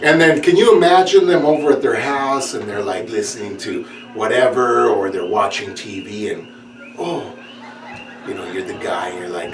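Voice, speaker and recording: A man telling a funny story from his childhood, laughing often and acting out the people in it with a high voice. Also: normal speed. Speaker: comedian. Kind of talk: sit-down comedy storytelling. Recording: roomy echo, distant mic, clear background noise.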